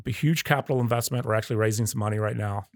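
A man's voice: fairly low pitch, very fast, no room sound, studio quality. A man in his fifties, a guest in a casual interview, telling stories with energy and acting out the voices of people he quotes. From Arizona. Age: 50s. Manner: animated storyteller who acts out quoted voices. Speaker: guest, coffee company owner.

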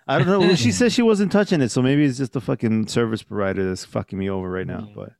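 A man's voice: mid-range voice, fast, creaky, darkish tone, no echo, studio quality. A man co-hosting a casual podcast, swearing freely and laughing often. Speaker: podcast co-host. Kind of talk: casual chat.

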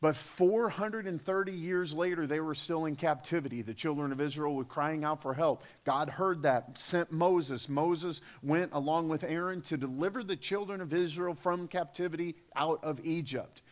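A man's voice: fairly high pitch, moderate pace, few pauses. A man preaching a sermon as pastor, emphatic, with rhetorical questions and repetition. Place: church sanctuary.

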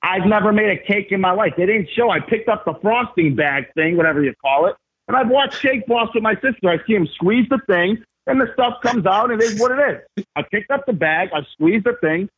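A man telling stories as a podcast guest, animated and emphatic, with slangy casual talk. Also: high voice, a little fast, slightly rough. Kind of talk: casual storytelling. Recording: tinny phone-like remote line.

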